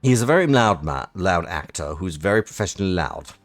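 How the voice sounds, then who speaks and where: A man's voice: deep voice, sing-song, fast, no room sound. A man, chatting wryly while streaming a game and reading its text aloud, often interrupting himself. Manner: chatty, self-interrupting, wry. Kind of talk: casual live-stream commentary and reading. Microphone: close desk microphone.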